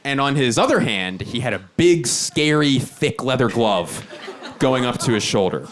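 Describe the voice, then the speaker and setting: Animated stand-up comedian, lively pitch. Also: male voice, normal speed, crowd noise. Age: 30s. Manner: incredulous, animated storytelling with sudden high outbursts. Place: comedy stage before a live audience.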